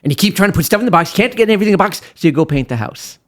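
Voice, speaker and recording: Animated storytelling older man. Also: high-pitched, rapid-fire. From Brooklyn, USA. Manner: animated storyteller with many fillers and restarts who acts out quotes. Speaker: guest, veteran attorney. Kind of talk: interview storytelling.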